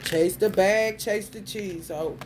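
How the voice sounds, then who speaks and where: A woman's voice: medium pitch, slow, background noise. A woman vlogger delivering a blunt, crude rant full of swearing and street slang. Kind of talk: profane stream-of-consciousness rant.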